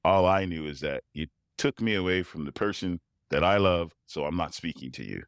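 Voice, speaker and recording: A man, a tuba player, telling personal stories as a guest, animated and often laughing. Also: deep voice, normal speed, no room sound, studio quality. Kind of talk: interview storytelling.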